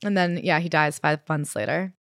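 A woman co-hosting a casual book-recap chat, retelling the story in a quick, animated way with quoted asides. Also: deep voice, no echo, studio quality. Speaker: podcast co-host.

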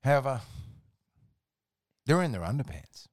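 A man's voice: medium pitch, sing-song, unhurried, no echo, clean studio sound. A man with an Australian accent, a podcast guest telling rambling, sweary work stories in a laid-back way. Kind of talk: casual storytelling chat.

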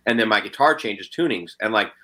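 Bright-voiced, swearing young man. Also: lowish voice, expressive, a little fast. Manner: swears a lot, says "dude" and "like". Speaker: guitarist in a band. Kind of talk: casual chat.

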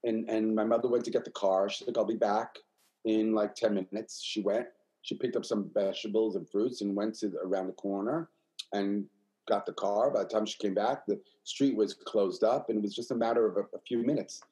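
NY guy, 50s, guest storyteller, lively and repetitive. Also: fairly low pitch, brisk, low-quality recording. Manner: animated, repeats himself, acts out quoted voices. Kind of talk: candid interview storytelling.

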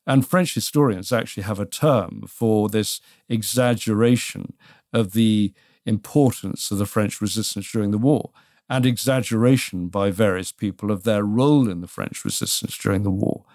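A British man co-hosting a casual history chat, telling it in a measured, dryly wry way. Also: fairly low pitch, a little mellow, no echo, clean studio sound. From Britain.

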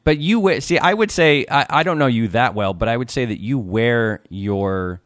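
A man's voice: medium pitch, expressive, moderate pace, a bit bright, no echo, clean studio sound. A man in his forties, a podcast guest, telling long rambling stories in casual chat.

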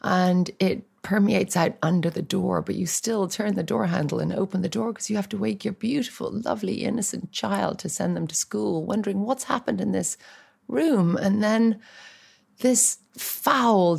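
A woman in her forties, a guest in a casual chat, telling animated stories and acting out voices for comic effect. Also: mid-range voice, creaky, breathy edge.

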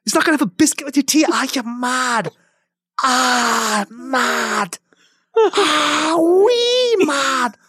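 A man putting on a shrill, sing-song Irish host who scolds a guest over tea, pitched far above a normal speaking voice. The put-on Irish accent is broad and teasing, the tone pushed into a near-wail. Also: animated, takes it slowly, bright, forceful tone, husky, dry recording, studio quality, full character voice. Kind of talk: comic impression in a podcast.

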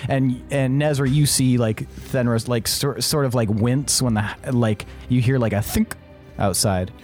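A man's voice: mid-range voice, steady tone, measured pace, darkish tone, faint music behind. Easygoing male game master narrating. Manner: loose narration full of "like" and restarts, laughing along.

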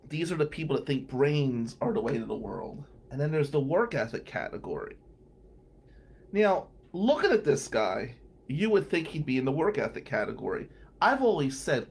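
A man in his forties hosting a podcast, telling a blunt, profane story in a casual monologue. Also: high voice. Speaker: podcast host, defense attorney.

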